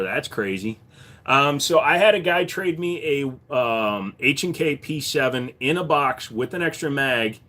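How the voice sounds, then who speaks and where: A man's voice: mid-range voice, fairly bright tone. A man with an ordinary mid-range voice hosts a casual livestream and answers viewer questions in turn. He is a firearms dealer who gives practical advice. His delivery is laid-back and conversational, full of ums and small restarts.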